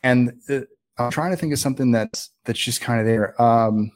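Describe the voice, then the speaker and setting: A man, a filmmaker guest, telling stories in a casual, animated interview, full of filler words. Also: medium pitch, moderate pace, no echo.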